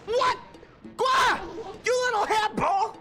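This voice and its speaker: A woman voicing a grumpy male mole who lectures the player in a gruff tough-guy drawl. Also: a little high, fairly bright tone. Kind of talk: reading game dialogue aloud in character.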